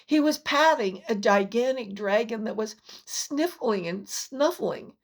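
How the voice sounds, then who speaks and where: Slow, unhurried woman narrator. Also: on the high side, animated. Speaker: author and narrator. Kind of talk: audiobook narration.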